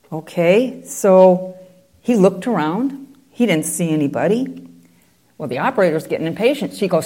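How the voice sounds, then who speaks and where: A woman's voice: medium pitch, lively intonation, unhurried, darkish tone. A woman telling a story in a conversational way, with digressive asides. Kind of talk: oral storytelling.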